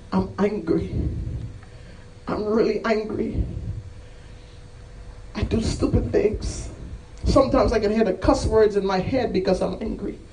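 Preaching a sermon, a man calls people to the altar in an impassioned, repetitive style full of rising, emphatic cries. His voice is high-pitched and mellow, and he is recorded from a distance, off the mic.

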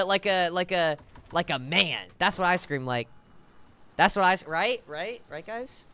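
A man streaming a game live, talking to his chat in an excitable, joking way with sudden shouts. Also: high voice, moderate pace.

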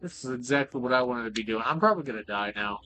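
A man giving excitable, joking playthrough commentary, swearing freely as he plays. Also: medium pitch, fast, a little hiss or hum. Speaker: gaming video creator.

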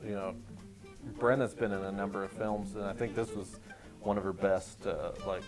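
A man with a fairly low voice talks as a festival director guest in a relaxed film review podcast. He circles his points with halting restarts and small fillers, and soft music plays faintly under the talk. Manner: rambling, halting, full of restarts.

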